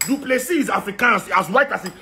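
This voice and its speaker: A man's voice: high voice, animated, fast talker, a crowd in the background. A man with a Nigerian accent giving an impassioned rant, firing off rhetorical questions. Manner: heated, rhetorical, repeating questions. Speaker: speaker in a talk.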